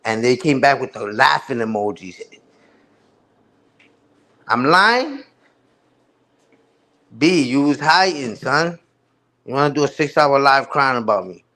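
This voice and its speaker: A man's voice: mid-range voice, expressive, slow, long pauses, pushed and bright. A man hosting a live stream, ranting heatedly with profane street slang. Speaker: livestream host. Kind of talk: casual livestream rant.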